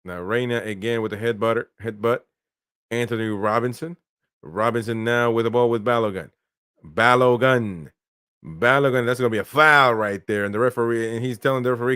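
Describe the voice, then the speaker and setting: A man's voice: mid-range voice, brisk, fairly bright tone, clear, resonant tone, dry recording, clean studio sound. A man hosting a live football watchalong, calling the play casually and answering viewers' chat. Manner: casual play-by-play, talks to viewers, laughs often. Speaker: watchalong host. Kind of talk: live match commentary and chat reading.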